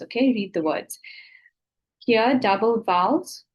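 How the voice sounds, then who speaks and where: A woman teaching a class who explains each rule step by step. She pauses to ask whether it is clear before she goes on. Her tone is patient and plain. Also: mid-range voice, poor audio. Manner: patient, repeats "okay?" to check understanding. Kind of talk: explaining grammar rules to students.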